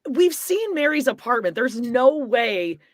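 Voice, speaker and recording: A woman's voice: fairly high pitch, very animated, measured pace, no room sound. A woman co-hosting a casual podcast chat, cutting in with sarcastic, teasing remarks. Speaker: podcast co-host.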